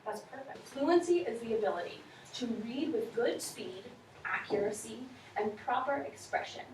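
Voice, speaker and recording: A woman's voice: on the high side, expressive, normal speed, darkish tone. A woman teaching a class of children, asking questions and reading aloud to them. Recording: echoey room from far off, faint noise.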